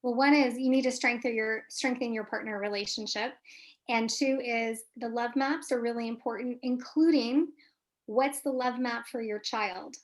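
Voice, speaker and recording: A woman's voice: a little high, steady tone, moderate pace. A woman therapist answering parenting questions in a live webinar, in a coaching manner. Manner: warm, coaching, asks if answers helped. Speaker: licensed marriage and family therapist, webinar guest.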